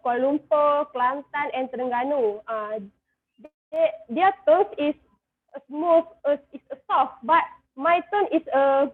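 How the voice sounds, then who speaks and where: A woman in her twenties with a Malaysian accent from Kedah, giving a talk over her phone from a store, hesitant with many fillers and restarts. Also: sits high. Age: 20s. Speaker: guest speaker. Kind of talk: online talk presentation. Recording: tinny phone-like line.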